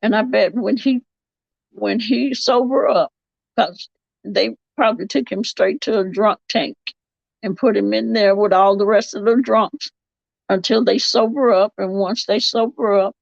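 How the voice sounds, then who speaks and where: A woman with a drawl talks slowly through a casual livestream, her voice gravelly with a lot of fry. She rambles and backtracks as she comments. The sound is dry and slightly dull, like lo-fi stream audio. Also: medium pitch, fairly even intonation, no echo. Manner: rambling, drawn-out, self-correcting. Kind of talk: casual live-chat commentary.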